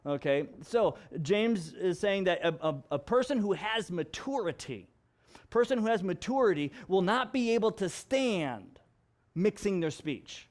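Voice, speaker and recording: A man with a fairly high voice teaches scripture in a relaxed, chatty way. He is animated and repeats himself for emphasis, often starting a phrase over. He acts out little examples as he goes. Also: unhurried. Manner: frequent restarts and emphatic repetition. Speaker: pastor. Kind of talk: casual Bible teaching.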